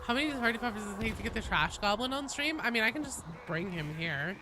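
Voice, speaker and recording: Excitable woman streamer with a cold, fairly high, very animated voice, noisy home setup. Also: fast talker. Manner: excitable, exclamatory, swears and laughs often. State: has a cold. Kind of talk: live gaming stream chatter. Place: home room at a desk.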